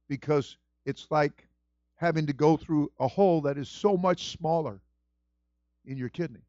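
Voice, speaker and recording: High-voiced preaching man. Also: dry recording, dull audio. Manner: impassioned preaching that swings from hushed storytelling to shouting; exclaims "whew" and "woo". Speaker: pastor. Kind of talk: sermon.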